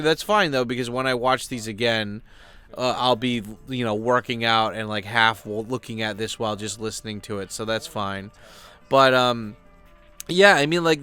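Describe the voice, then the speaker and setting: A man's voice: mid-range voice, bright, forceful tone, clean tone. A man giving loose, rambling commentary as a YouTube host, full of fillers and casual swearing.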